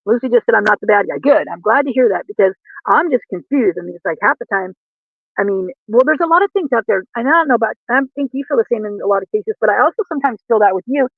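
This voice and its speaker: A man's voice: high-pitched, lively intonation, fast talker, gravelly, no room sound. A man in casual chat as a livestream guest, talking earnestly in a rambling, self-correcting way. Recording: tinny dry call audio.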